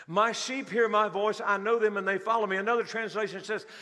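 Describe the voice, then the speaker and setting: High-voiced preacher in a reverberant hall. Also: male voice, fairly quick, few pauses, pushed and bright. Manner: rhetorical questions to the congregation, repeats key phrases. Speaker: pastor. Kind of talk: sermon. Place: large church hall.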